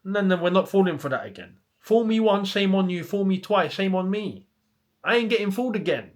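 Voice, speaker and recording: A man's voice: sits high, animated, fairly quick. A young man, hosting a casual football chat and ranting with plenty of rhetorical questions. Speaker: football channel host.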